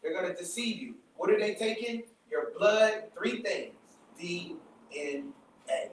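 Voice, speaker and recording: Man lecturer, high-pitched, punchy and repetitive, live room sound with heavy echo. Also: animated, unhurried, a little hiss or hum. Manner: emphatic, repeats points, checks in with the crowd. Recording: very echoey room, mic from far off.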